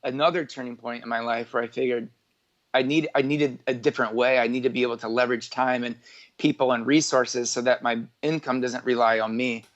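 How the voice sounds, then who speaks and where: A man's voice: mid-range voice, steady tone, fairly quick, lo-fi sound. A man in his forties, an entrepreneur from northwest Indiana, telling his life story as an interview guest in a rambling way, full of filler words and self-corrections. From northwest Indiana, USA.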